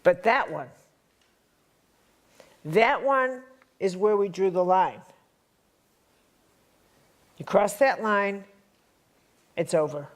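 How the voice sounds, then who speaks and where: A woman's voice: mid-range voice, lively intonation, extremely slow, long pauses. A woman from the Chicago area teaching a live spiritual workshop to an audience. She talks bluntly and repeats her lines for punch.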